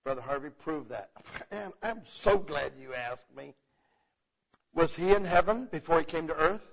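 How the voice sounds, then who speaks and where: High, gravelly-voiced man teaching the Bible. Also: a little slow. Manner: animated, asks for agreement with repeated "okay?". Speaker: preacher. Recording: muffled, lo-fi recording.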